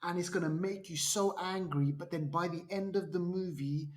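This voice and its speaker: His voice sits high and moves at a moderate pace as he co-hosts a podcast and retells a movie plot in casual review talk. Lively in his storytelling, he acts out the lines and keeps restarting.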